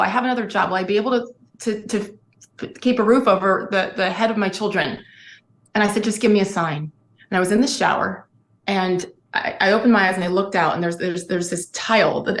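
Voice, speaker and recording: A woman's voice: medium pitch, reverberant. A middle-aged woman, an interview guest, telling her story earnestly and emotionally, often restarting her sentences. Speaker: guest, former sportscaster.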